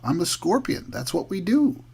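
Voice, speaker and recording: A man's voice: sits high, very animated, moderate pace, gravelly, a little mellow, husky, full character voice. A man voicing a sly scorpion from a fable, in a coaxing, reassuring way. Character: sly scorpion asking a favor.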